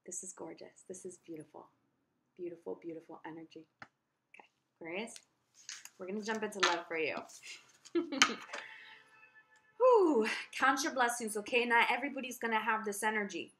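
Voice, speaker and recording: Bright, effusive woman tarot reader. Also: mid-range voice, moderate pace, long pauses, slight background noise. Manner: emphatic, speaks straight to the viewer; spiritual, effusive. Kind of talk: tarot reading to camera.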